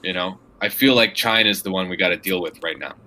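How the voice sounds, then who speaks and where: A man chatting casually, halting with many fillers and restarts. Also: low voice, pushed and bright, low-quality recording. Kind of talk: casual chat.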